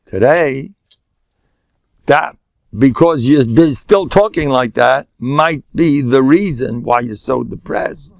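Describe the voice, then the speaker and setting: A man's voice: medium pitch, gravelly, no room sound. An older man, a rabbi teaching a class, lecturing live to an audience in a joking way and sprinkling in Yiddish and Hebrew terms.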